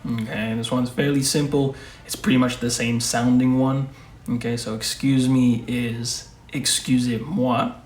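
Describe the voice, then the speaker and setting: A man hosting a casual lesson who speaks patiently and repeats each phrase slowly. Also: mid-range voice, level tone, darkish tone. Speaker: language teacher, channel host. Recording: echoey room with faint music.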